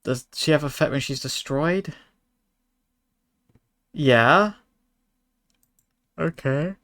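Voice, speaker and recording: A man's voice: fairly high pitch, drawn-out words, fairly bright tone. A man streaming a card game, chatting casually with his chat and joking in mock anger. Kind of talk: casual gaming commentary.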